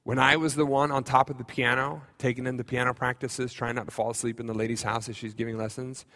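A man's voice: medium pitch, little pitch movement, quick pace, bright, forceful tone. A man preaching a conversational sermon as pastor, mixing in self-deprecating humor. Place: church sanctuary. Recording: long reverb of a church hall.

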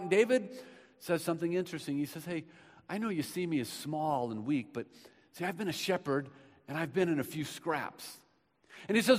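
A man preaching a sermon as pastor, swinging between hushed, quiet passages and loud, emphatic bursts. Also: a little high, a little fast. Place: church sanctuary. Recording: long reverb of a large hall.

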